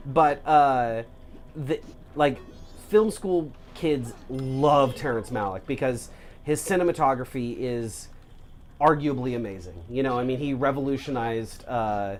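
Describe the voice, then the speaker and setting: A man's voice: mid-range voice, unhurried. A young man co-hosting a let's play, rambling casually and swearing, packing his sentences with "like". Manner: rambling, profane, heavy use of "like". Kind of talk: casual gameplay chat.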